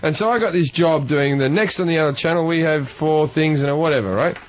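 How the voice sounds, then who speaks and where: A man's voice: fairly high pitch, a little fast. Laughing Australian man telling crude stories. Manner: laughing through his own punchlines. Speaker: comedian guest. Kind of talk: crude comic storytelling. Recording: radio studio with faint hiss.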